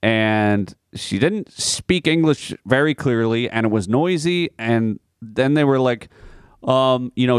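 A man's voice: medium pitch, expressive, a little slow, clean tone, dry recording, studio quality. A man co-hosting a podcast in casual chat, telling rambling, profane stories and laughing often. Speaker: podcast co-host.

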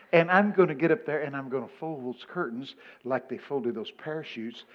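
A man from Texas with a Texan accent, telling a humorous story to a live audience. He swings from mumbled asides to loud exclamations. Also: on the high side, lo-fi sound. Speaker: speaker addressing an audience.

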